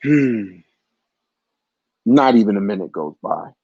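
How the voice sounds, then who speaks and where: A man's voice: lowish voice, animated, slow pace, mellow, slightly rough, no echo. A man in his forties telling a raunchy personal story in a crude, rambling way, with frequent asides to the listener. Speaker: vlogger. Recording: dull, lo-fi, dry audio.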